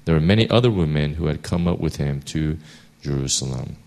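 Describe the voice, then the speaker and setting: A man with a very low, deep voice reads scripture aloud at a steady pace. When he moves on to preaching, he talks loosely, with fillers and restarts as he works his thoughts out. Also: gravelly. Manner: steady reading, then halting with many fillers. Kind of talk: scripture reading then sermon.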